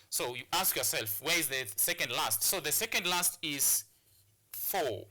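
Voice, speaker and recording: Bright-voiced Kenyan English teacher. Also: male voice, a little high, big pitch swings, moderate pace. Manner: repetitive, restarts phrases, drills words aloud. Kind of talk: classroom lesson on English stress. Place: studio or classroom for educational broadcast.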